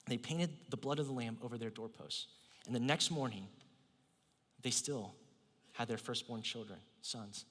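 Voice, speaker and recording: A male pastor preaching a sermon in a church, swinging from loud emphasis to near whispers. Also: medium pitch, moderate pace, big-room sound. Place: church sanctuary.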